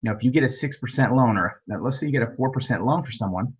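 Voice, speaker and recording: Man, real estate lecture, husky, storytelling with dialogue, dull recording. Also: mid-range voice, fast talker. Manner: folksy storytelling, acts out dialogue. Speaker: real estate investing instructor. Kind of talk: webinar lecture with anecdotes. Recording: dull lo-fi webinar audio.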